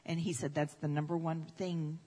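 A woman's voice: low-pitched, little pitch movement, normal speed, mellow. A woman preacher telling a story in a sermon, speaking emphatically, repeating key phrases and building intensity. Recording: reverberant hall.

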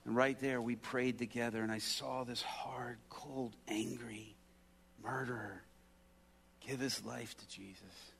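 A man preaching, retelling a story in a quiet, hushed voice and building to loud, emphatic preaching. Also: mid-range voice, fairly even intonation, measured pace, creaky, a little hiss or hum. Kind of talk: sermon storytelling.

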